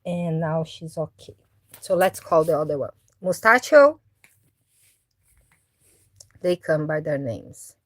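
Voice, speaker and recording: A woman vlogging casually about her cats, coaxing them with meows and baby talk between relaxed explanations. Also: low-pitched, normal speed, dry recording. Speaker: cat owner and vlogger. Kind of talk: casual vlog narration.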